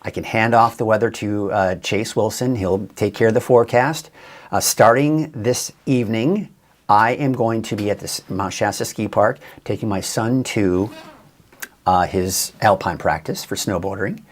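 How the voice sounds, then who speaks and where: A man's voice: on the low side, moderate pace. A man giving a casual, chatty live weather forecast as a TV meteorologist, upbeat and a bit tired, with many fillers and restarts.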